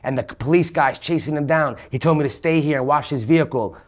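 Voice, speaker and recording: A man's voice: on the high side, a little fast, voice pushed up, close to an everyday voice. A man with a New York accent voicing an annoyed young male store worker, brusque and swearing while retelling a story. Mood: irritated.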